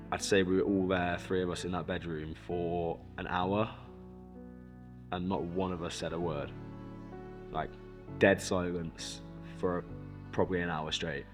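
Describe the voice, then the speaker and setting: A young man with a notably deep voice, speaking casually in a documentary interview. He tells his story loosely, swearing and acting out what others said, with faint music under him. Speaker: interviewee, rapper.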